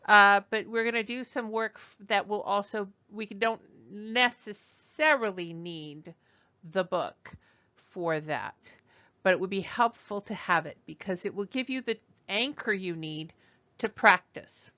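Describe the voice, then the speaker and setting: A woman teaching a French class, slow and patient, modeling sounds for students to repeat. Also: medium pitch, bright, forceful tone, dry recording, lo-fi sound. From United States. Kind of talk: classroom lesson.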